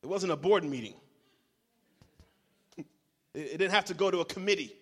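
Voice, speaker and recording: A young man preaching a lively, joking sermon to a congregation, leading call-and-response. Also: high voice, normal speed, husky. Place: church hall. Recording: reverberant hall.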